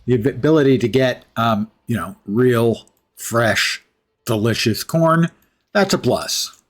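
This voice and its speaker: A man's voice: mid-range voice, slow. A man streaming a game, thinking aloud in a casual, musing way. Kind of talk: casual gameplay commentary.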